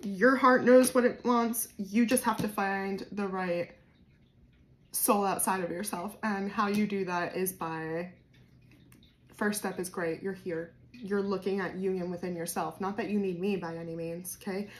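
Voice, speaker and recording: A woman with a New Jersey accent giving a casual, spontaneous tarot reading to camera, swinging between soft musing and loud bursts. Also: medium pitch, steady tone, a little slow. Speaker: tarot reader.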